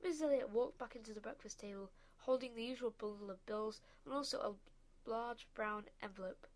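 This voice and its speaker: Woman reading a kids story out loud, expressive, slightly high voice. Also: a little fast. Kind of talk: storybook narration.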